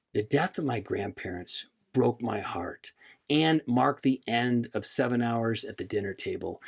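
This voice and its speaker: Slow, gravelly-voiced man telling his story. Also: mid-range voice. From United States. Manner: slow, reflective and heartfelt. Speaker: podcast host. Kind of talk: scripted personal narration.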